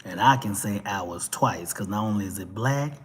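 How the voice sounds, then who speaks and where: A man's voice: lowish voice, moderate pace, breathy edge. A man with a Texas twang hosting a talk show, giving a blunt, emphatic and profane ranting monologue that keeps hammering the same points. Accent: Texan twang.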